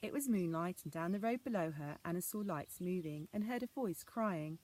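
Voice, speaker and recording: Woman storyteller, lower voice, fairy tale read aloud, measured. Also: expressive, darkish tone.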